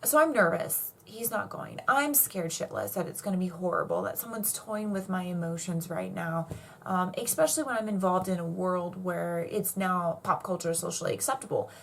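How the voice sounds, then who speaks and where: A young adult woman vlogging in a casual rant, animated and rambling, full of swearing and nervous energy. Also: lowish voice, normal speed, creaky, a little hiss or hum.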